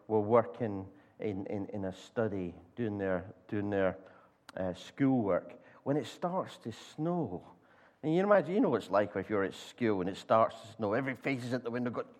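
A man with a Scottish accent preaching a sermon in church, acting out voices as he tells stories, with frequent stumbles and restarts. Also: mid-range voice. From Scotland. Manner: animated storyteller, acts out voices, halting restarts. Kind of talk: sermon with storytelling.

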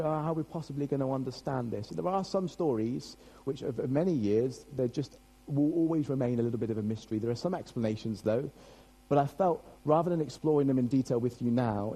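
Chatty British pastor, mellow husky voice. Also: male voice, medium pitch, rough recording. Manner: chatty, self-deprecating, jokes with the congregation. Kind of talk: sermon.

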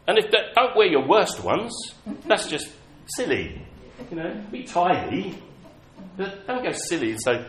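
A man's voice: a little high, sing-song, measured pace, slight background noise. A man preaching a sermon, telling personal stories in a conversational, self-mocking way. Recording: echoey hall with faint ambience.

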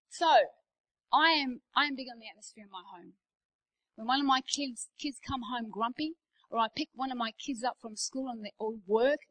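A woman's voice: a little high, fairly bright tone, low-quality recording. A middle-aged woman with an Australian accent, preaching a sermon as a guest speaker in a church, telling anecdotes with emphasis.

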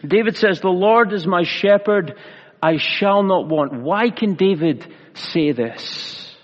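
A man preaching a sermon with a fairly high, unhurried voice, pausing to stress key words. The sound is muffled and lo-fi, carried through the long reverb of a large hall. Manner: measured preaching with slow emphatic pauses and gentle humor. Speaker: pastor.

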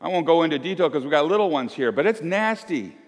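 A pastor in his fifties preaches with a lively, rising and falling voice pitched a little high. He talks conversationally, swinging from loud emphasis to hushed asides. The church hall lends a long reverb. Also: quick pace. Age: 50s. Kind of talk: sermon.

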